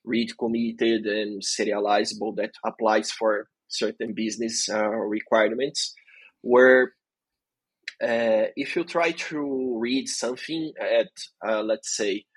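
A man's voice: fairly low pitch, fairly even intonation, slow pace, breathy edge, no echo, poor audio. A man as a guest expert in a technical interview, explaining things patiently step by step.

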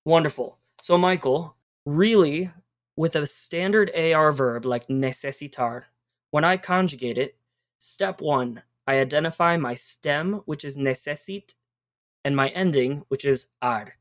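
A woman's voice: deep voice, a little slow. A woman hosting a podcast, teaching Spanish verb endings in a casual, encouraging way and spelling out words.

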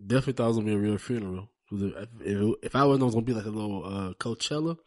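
A man co-hosting a podcast, chiming in quickly with jokes in casual chat. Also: on the low side, a little mellow. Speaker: podcast co-host.

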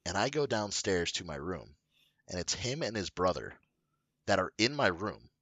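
A man's voice: deep voice, big pitch swings, moderate pace, pushed and bright, no echo. A man telling a long story in casual chat, rambling with lots of fillers and swearing. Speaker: podcast co-host telling a story.

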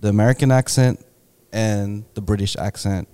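A man's voice: on the low side, fairly even intonation, moderate pace, mellow, clear, resonant tone, no echo. A man co-hosting a podcast, talking bluntly and teasing his friends. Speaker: podcast co-host. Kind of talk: casual chat.

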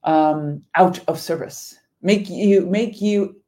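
A woman's voice: lowish voice, takes it slowly, dark tone. A woman co-hosting a devotional chat, speaking in an earnest, emphatic way. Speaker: co-host.

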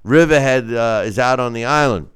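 A man hosting a casual sports talk show, speaking animatedly and wryly, with halting fillers. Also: medium pitch, fairly bright tone, smooth. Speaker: host. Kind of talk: casual sports radio chat.

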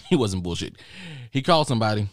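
A young man with a fairly low voice tells a personal story in a loose, profane, rambling way and chuckles at his own misadventure. The sound is dry and close, with no room echo. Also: big pitch swings, a little fast. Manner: profane, rambling, laughs at himself. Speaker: podcast host.

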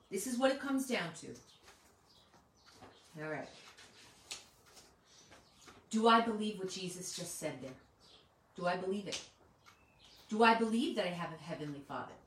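A woman giving an earnest, conversational sermon, asking her listeners one rhetorical question after another. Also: mid-range voice. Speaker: Bible teacher. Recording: echoey room, mic at a distance.

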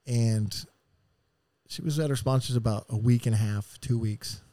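Here a middle-aged guest on a podcast shares something painful from his life, swearing and speaking from the heart with sighs and stumbling restarts. The voice sits mid-range and sounds mellow, with no room sound.

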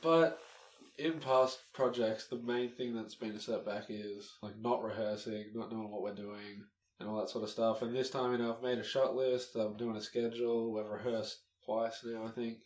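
A man's voice: medium pitch, steady tone, moderate pace. Man, film director, casual, rambling, echoey room, faint hiss. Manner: rambling with many fillers. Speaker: director of a small film project. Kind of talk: casual group chat.

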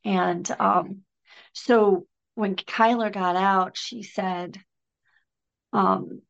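A woman's voice: mid-range voice, steady tone, extremely slow, creaky, muffled recording. A middle-aged woman from Michigan, a podcast guest talking in a loose, rambling way with many fillers and restarts. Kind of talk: casual conversation.

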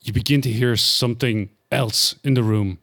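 A man narrating a tabletop horror game as game master, describing events slowly to build dread. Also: medium pitch, fairly bright tone.

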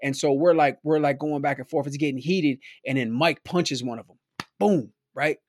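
A man's voice: a little high, moderate pace, darkish tone, no room sound. A man from Milwaukee telling a story in a loose, rambling way, filling his talk with "like" and "right?". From Milwaukee, USA. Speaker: podcast guest. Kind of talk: casual storytelling.

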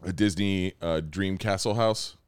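A man co-hosting a podcast in casual, joking chat, animated and quick to slip into silly voices. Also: sits low, smooth, no room sound. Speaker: podcast co-host.

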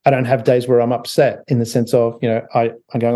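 A man's voice: medium pitch, level tone, quick pace, dark tone. A man speaking as an author guest on a podcast, chatty, often laughing and restarting his sentences. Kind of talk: casual interview talk.

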